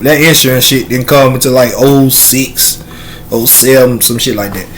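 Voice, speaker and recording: A man telling a comedic story, animated and laughing often as he acts out voices. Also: medium pitch, moderate pace, slight background noise, rough recording.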